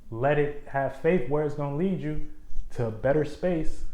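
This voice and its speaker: A man's voice: a little high, moderate pace, dark tone, echoey room. A man who calls himself a spiritual coach, talking loosely on a livestream. His speech is slangy, profane and repetitive, and he is slightly tipsy. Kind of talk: casual livestream talk. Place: room, live stream.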